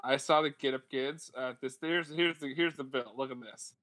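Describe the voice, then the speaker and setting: At normal speed and with a fairly bright, medium-pitched voice, a man co-hosts a podcast in casual, enthusiastic conversation. He rambles, swears often and leans on many fillers.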